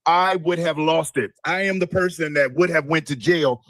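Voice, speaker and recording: A man's voice: fairly high pitch, steady tone, moderate pace, a bit bright, no room sound. A man from Michigan hosting a political commentary show, talking emphatically and indignantly. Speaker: host.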